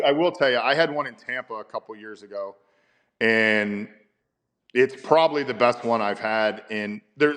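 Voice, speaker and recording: A man's voice: mid-range voice, a bit bright. A man in his fifties, a baseball manager, telling stories in a casual interview with rambling, stammering restarts and chuckles.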